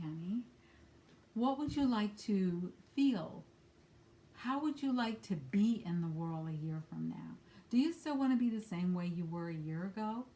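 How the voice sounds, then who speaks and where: Blunt, lower-voiced woman reading angel cards. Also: warm tone. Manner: candid, blunt, swears casually. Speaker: angel card reader. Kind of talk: spiritual guidance talk. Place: at home with a dog nearby.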